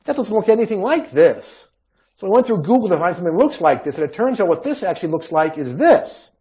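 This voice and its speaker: A man's voice: sits high, very animated, fast, warm tone. Man giving a casual medical lecture. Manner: conversational, wry asides. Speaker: physician lecturer.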